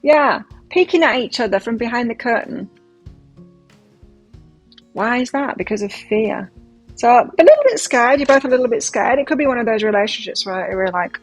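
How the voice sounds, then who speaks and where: A woman's voice: on the high side, very animated, moderate pace, no echo, poor audio. A woman giving a pick-a-card tarot reading in a gushing, emotive, chatty way. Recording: faint music behind. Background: soft background music.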